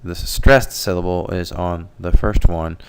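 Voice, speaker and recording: A man teaching Spanish vocabulary over a slideshow in a relaxed, explanatory way, correcting himself as he goes. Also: deep voice, a little slow, smooth. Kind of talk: slideshow language lesson.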